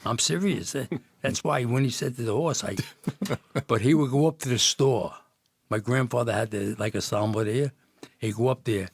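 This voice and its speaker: A man's voice: medium pitch, moderate pace, husky, no room sound, clean studio sound. A man, a podcast guest telling rambling stories with frequent laughs and false starts. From Jersey City, New Jersey. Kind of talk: storytelling in casual conversation.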